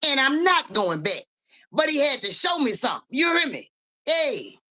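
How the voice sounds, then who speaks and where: A woman's voice: high voice, big pitch swings, normal speed, bright, forceful tone. A woman livestreaming as a psychic reader, talking in profane street slang, calling viewers by name and asking "you hear me" over and over, with a cough now and then. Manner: coughs and clears throat. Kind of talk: casual livestream talk.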